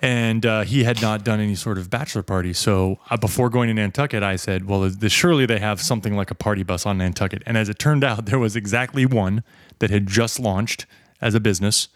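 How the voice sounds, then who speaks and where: A man's voice: fairly low pitch, fairly quick, no room sound. Rambling male podcast host, dry sound. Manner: rambling storyteller, self-correcting. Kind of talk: casual chat.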